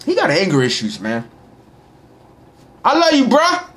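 A young man giving casual, boisterous shout-outs to followers in a profane, slangy way. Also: sits high, huge pitch swings, slow, creaky, long pauses, slight background noise. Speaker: vlogger reading social media shout-outs. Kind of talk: casual live shout-out chat.

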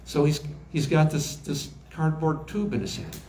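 Older man, halting storyteller, roomy echo. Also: a little high, darkish tone, a little hiss or hum. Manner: halting, frequent fillers and restarts. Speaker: recording engineer. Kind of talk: interview storytelling. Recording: roomy echo with faint background ambience.

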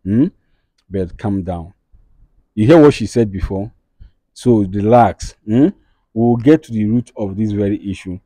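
Nigerian man as a mediating show host, very mellow low voice, dry sound, calming. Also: measured pace, pauses often, no echo. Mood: soothing. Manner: soothing, repeatedly urging calm, mixes Pidgin. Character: male mediator talk show host, calm, moralizing. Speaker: talk show host in a skit. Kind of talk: comedy skit acting.

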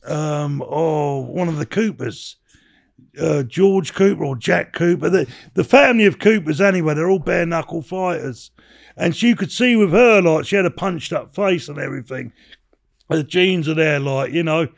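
A man's voice: on the high side, normal speed, creaky. A man in his sixties telling rambling stories as a podcast guest, swearing and dropping "you know what I mean" throughout. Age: 60s. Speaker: podcast guest, former bare-knuckle boxer. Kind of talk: casual interview storytelling.

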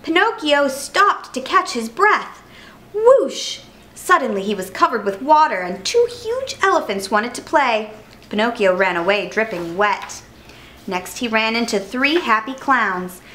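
A woman reads a children's picture book aloud as a storyteller. She is expressive and animated, with a fairly high voice that rises and falls a lot. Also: measured pace.

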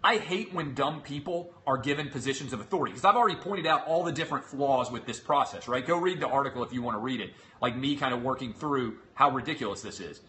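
A man's voice: mid-range voice, fast, few pauses, bright, forceful tone. A man in his thirties hosting a talk show, retelling an ordeal in an exasperated, sarcastic way. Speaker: show host. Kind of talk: animated storytelling monologue.

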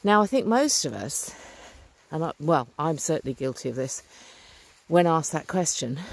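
Holding her phone or camera as she walks a rural lane by a stream, a middle-aged woman vlogs in a low-sitting, sing-song, gravelly voice at a moderate pace. She talks casually to camera, earnest and upbeat, chatty and filler-heavy.

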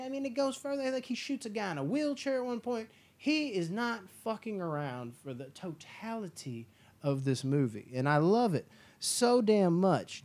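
A man hosting a casual movie review chat, enthusiastic and profane, acting out scenes in quick impressions. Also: fairly high pitch, a little mellow. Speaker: podcast host.

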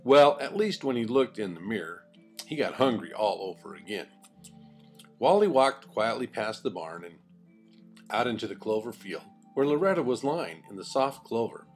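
An older man narrating a children's storybook in an expressive, folksy way. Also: mid-range voice, moderate pace, soft background music.

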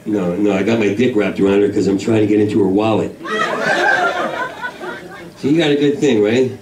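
A man with a New York accent works a comedy club stage in a manic, rambling stand-up routine, jumping from shouts to low mutters. His voice carries the roomy sound of the club and sits well back from the microphone. A crowd laughs and reacts around him. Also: moderate pace, distant mic. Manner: manic, rambling, swings between yelling and mumbling. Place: comedy club main room.

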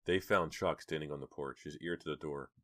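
A man narrating a horror audiobook in a steady, measured way. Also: a bass voice, dry recording, studio quality.

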